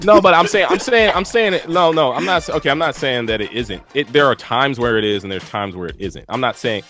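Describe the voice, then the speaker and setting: A man talking casually in a group chat, animated and laughing as he defends his videos. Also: mid-range voice, a little fast. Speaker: guest YouTuber.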